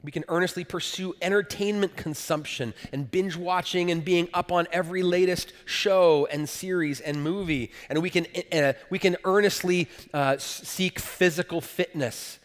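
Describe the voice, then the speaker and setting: A man's voice: sits high, normal speed, hardly any pauses. A man preaching a sermon as pastor, earnest and emphatic, often repeating words as he builds a point. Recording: long reverb of a church hall.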